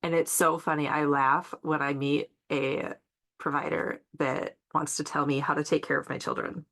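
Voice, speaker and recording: A woman with a low, gravelly voice talks casually on a podcast. She speaks emphatically and draws on her own experience as a mother. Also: level tone, moderate pace, a bit bright. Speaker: podcast co-host. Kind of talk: casual conversational podcast chat.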